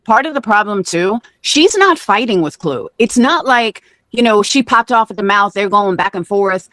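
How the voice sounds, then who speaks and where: A woman's voice: medium pitch, expressive, normal speed, a bit bright, dry recording. Indignant woman sounding off on a stream. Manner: indignant, profane. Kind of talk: heated live-stream chat.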